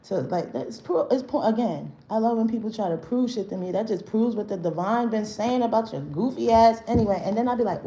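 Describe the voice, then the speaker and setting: A woman's voice: fairly high pitch, expressive, fairly quick, hardly any pauses, mellow, a little hiss or hum. A woman hosting a livestream, ranting in a brash, profane and confrontational way, rambling with slang and restarts, her voice echoing in the room. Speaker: livestream host. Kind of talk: unscripted livestream rant. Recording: roomy echo.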